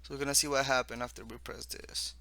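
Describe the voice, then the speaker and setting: A man from the East Coast walks through a simple text adventure, reading each line off the screen and adding his own asides. His voice is bright and forward, and it is recorded close and dry with no room sound. He reads haltingly, restarting phrases as he goes. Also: medium pitch, flat delivery, dry recording. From East Coast of the United States. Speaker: student demoing his own text game. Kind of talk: casual walkthrough, reading game text aloud.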